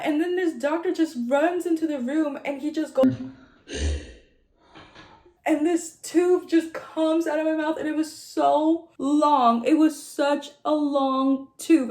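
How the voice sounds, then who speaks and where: A woman's voice: high voice, measured pace, a little mellow. A young woman vlogger telling a personal story in casual, filler-heavy speech, acting out what others said. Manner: chatty, filler-heavy, acts out quotes. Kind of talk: casual storytelling during a mukbang. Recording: roomy echo.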